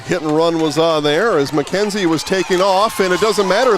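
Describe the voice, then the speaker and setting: A man calling baseball play-by-play outdoors, rising with excitement on big plays. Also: sits high, moderate pace. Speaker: play-by-play announcer.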